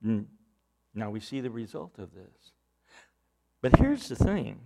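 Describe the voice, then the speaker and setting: A man preaching a sermon, reading out scripture and breaking into loud, emphatic bursts as he explains it. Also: medium pitch, a little slow, creaky. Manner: animated Bible exposition, rising to loud emphatic bursts.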